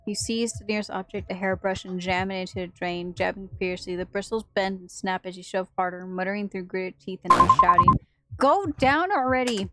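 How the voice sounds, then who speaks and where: A woman's voice: fairly low pitch, level tone, fairly quick, few pauses, faint music behind, poor audio. A woman reading a horror visual novel aloud for a gaming video, with dramatic narration and reactions.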